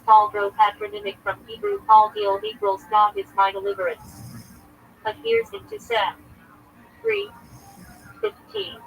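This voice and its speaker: A man's voice: high voice, creaky, sharp tone, dull audio, slight background noise. A man, a rabbi, reading from a list on a livestream in short clipped fragments. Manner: clipped fragments, terse and listing.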